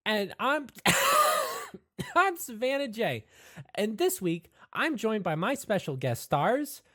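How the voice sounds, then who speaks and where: A woman's voice: a little high, huge pitch swings, takes it slowly, bright, forceful tone, breathy edge, pitched above the performer's own voice, exaggerated voice. A woman voicing a bubbly female food show host who rattles off grand titles in presenter patter. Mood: peppy. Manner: peppy, self-important presenter patter.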